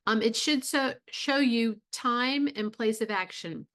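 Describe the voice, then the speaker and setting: A woman's voice: a little high, unhurried, a bit bright. Brief: middle-aged woman teaching a college theatre class, chatty lecture tone, asks the class questions. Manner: conversational, with fillers and rhetorical questions. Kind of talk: recorded video lecture.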